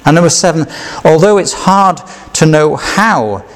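A man preaches in an easy, conversational way, often pausing on rhetorical questions. His voice sits somewhat high for a man. He acts out the quoted lines with a bit of play. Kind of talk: sermon.

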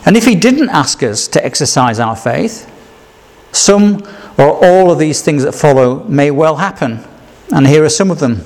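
A man preaches in an easy, conversational way, often pausing on rhetorical questions. His voice sits somewhat high for a man. He acts out the quoted lines with a bit of play. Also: darkish tone. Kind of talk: sermon.

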